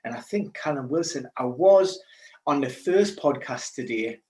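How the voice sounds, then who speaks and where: A man with a Geordie accent chatting casually as a podcast co-host, animated and joking. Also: medium pitch, moderate pace, roomy sound. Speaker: podcast co-host, football pundit.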